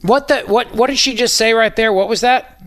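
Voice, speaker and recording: A man's voice: very high-pitched, normal speed, fairly bright tone, no echo. A man hosting a talk radio show, joking sarcastically and sounding incredulous in casual studio banter. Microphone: studio microphone.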